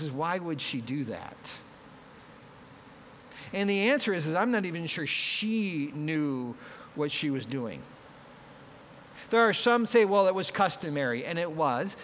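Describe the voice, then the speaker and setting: A man's voice: on the high side, fairly bright tone, slight background noise. A man preaching a conversational sermon, acting out the quoted voices as he explains a Bible passage. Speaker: pastor. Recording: long reverb, faint ambience.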